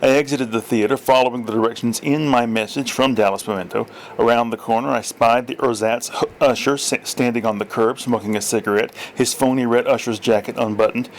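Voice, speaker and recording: A man's voice: medium pitch, steady tone, fairly quick, few pauses, a little hiss or hum, poor audio. Man reading his own story aloud. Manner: plain reading with small slips and self-corrections.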